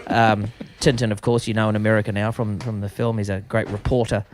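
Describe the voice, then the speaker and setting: A man's voice: lowish voice, fairly quick. Self-mocking New Zealand man telling stories. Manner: animated, self-mocking, frequent laughs and restarts. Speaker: podcast guest. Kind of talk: casual comic storytelling.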